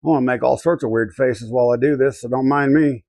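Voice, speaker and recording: A man's voice: mid-range voice, fairly even intonation, fast, darkish tone, no room sound. A middle-aged man from Colorado hosting a casual live stream, talking to himself and his chat while he works. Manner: muttering to himself, reading chat aloud. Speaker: livestream host.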